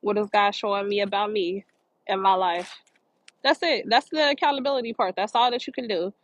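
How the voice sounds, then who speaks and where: A motivational vlogger speaks outdoors by the water in a park, her medium-pitched voice brisk on poor audio. She offers earnest spiritual encouragement, repeating phrases for emphasis.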